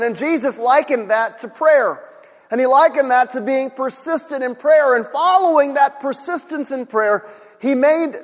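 A man's voice: very high voice, in a large hall. A male pastor preaching a sermon, earnest, repeating key phrases for emphasis.

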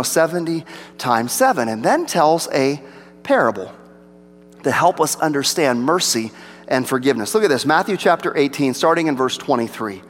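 A pastor preaching a sermon, rising for emphasis and dropping to a low hush. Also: male voice, slight background noise. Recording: long reverb of a large hall.

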